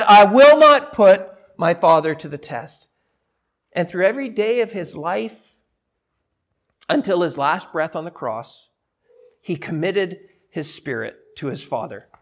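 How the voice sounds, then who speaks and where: A middle-aged male pastor preaching a sermon, emphatic and repetitive in his delivery. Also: high-pitched. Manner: emphatic, repeats himself, animated delivery.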